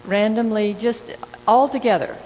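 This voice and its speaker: A woman leading a church service, giving brisk, friendly announcements. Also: fairly high pitch, crowd noise. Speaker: service leader. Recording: echoey hall with faint hum.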